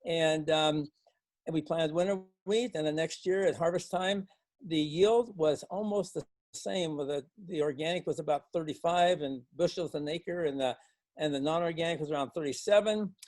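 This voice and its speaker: A man's voice: fairly high pitch, normal speed, dry recording. Folksy older man telling a farm story. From Montana. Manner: folksy, animated when quoting others, many fillers and restarts. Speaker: organic farmer and speaker. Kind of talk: storytelling talk to a club.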